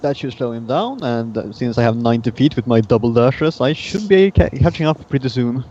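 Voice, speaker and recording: A man's voice: mid-range voice, lively intonation, fairly quick, warm tone, dull audio. A man playing a tabletop game, plotting his moves in casual talk. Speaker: player.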